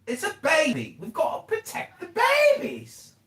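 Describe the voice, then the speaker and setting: Brief: male co-host, mocking and combative, lively swings in pitch, echoey recording. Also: moderate pace. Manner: mocking, insulting, British slang. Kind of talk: heated livestream banter. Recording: echoey room.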